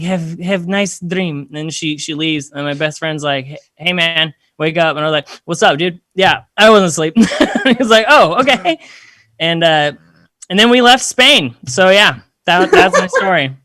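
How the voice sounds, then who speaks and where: Young guy, bright voice, dry close sound, rambling comic storyteller. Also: high voice, lively intonation, normal speed, no echo. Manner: rambling, self-deprecating, lots of fillers. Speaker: comedian telling a story. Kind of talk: casual storytelling.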